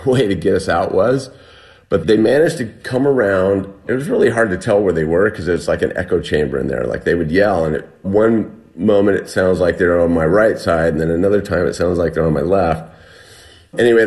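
A middle-aged man telling a survival story in conversation, animatedly acting out the things people shouted. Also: low voice, moderate pace. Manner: animated retelling, acts out shouted quotes.

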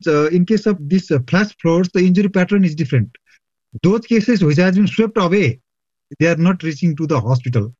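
Hospital chief from Nepal, halting phone interview, muffled dry sound. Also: male voice, high-pitched, animated, a little mellow, no room sound. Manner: halting, many fillers. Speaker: hospital medical superintendent. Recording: dull lo-fi line, dry.

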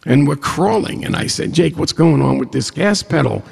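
Gravelly storyteller man in a hall. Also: moderate pace. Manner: animated, jumps up in pitch for quoted dialogue. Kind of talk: humorous personal story told to an audience. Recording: long hall reverb.

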